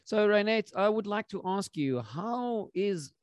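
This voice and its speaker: A man's voice: high-pitched, animated, a little slow, no room sound. Man, podcast host, upbeat, playful, dry recording. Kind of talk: casual chat.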